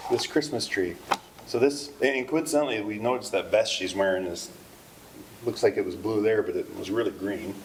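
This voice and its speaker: Against a noisy background, a middle-aged man with a lowish voice gives a memorial speech. He shares family anecdotes conversationally and ramblingly, with frequent fillers and laughter.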